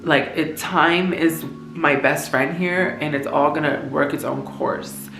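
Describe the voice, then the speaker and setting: A woman's voice: low-pitched, fairly even intonation, takes it slowly, creaky. A young woman vlogger giving a casual, candid Q and A update, talking in a chatty, slangy way. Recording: echoey room with music playing.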